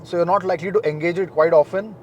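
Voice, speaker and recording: A young man presenting a car review in a measured, matter-of-fact way. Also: sits high, steady tone, highs cut off, a little hiss or hum.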